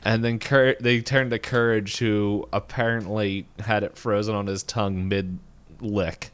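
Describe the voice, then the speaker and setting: A man co-hosting a podcast, casually retelling a cartoon episode in a rambling way and acting out quick lines. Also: fairly low pitch, clean tone. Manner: rambling, animated retelling with quick voiced quotes. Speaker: podcast co-host. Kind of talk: casual recap chat.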